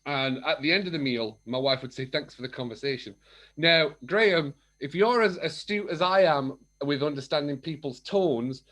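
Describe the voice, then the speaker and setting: A man's voice: fairly high pitch, moderate pace, hardly any pauses. A man speaking as a podcast guest, telling his story openly and acting out remembered conversations in different voices. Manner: candid and animated, acts out remembered dialogue. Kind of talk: casual chat.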